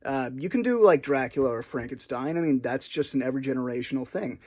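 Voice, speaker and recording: A man's voice: medium pitch, animated, fast talker, darkish tone. A man talking in an unscripted solo monologue for his channel, hesitant and rambling with many restarts, self-conscious about his awkwardness. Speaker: video creator.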